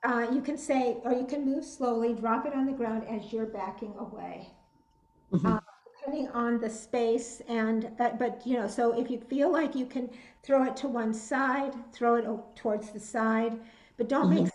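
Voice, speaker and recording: A woman instructor leading an online self-defense workshop, encouraging and giving clear commands. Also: on the high side, normal speed, a little mellow, reverberant, poor audio. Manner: encouraging, gives clear commands, laughs easily. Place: indoor room. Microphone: video call.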